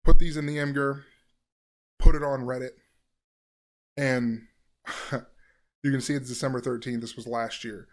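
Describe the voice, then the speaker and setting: A young man casually telling a personal scare story, profane and animated, with loud bursts and hushed asides. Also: mid-range voice, unhurried, pauses often.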